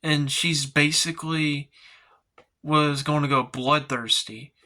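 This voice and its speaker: A man's voice: on the high side, steady tone, slow pace, sharp tone. A man giving a casual, rambling movie review, full of filler words and swearing, sounding exasperated as he rants. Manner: exasperated, ranting. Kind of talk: casual spoken film review.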